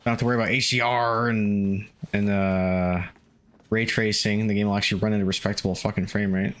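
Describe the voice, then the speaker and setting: A man's voice: on the low side, little pitch movement, fairly quick, fairly bright tone. A man casually commenting while streaming a video game, cursing and laughing often. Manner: loose, profane, laughs often.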